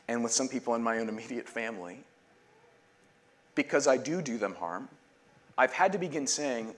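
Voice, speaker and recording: Preaching a sermon as pastor, a man with a medium-pitched voice earnestly leads a call-and-response prayer. To stress a point, he drops to near-whispers.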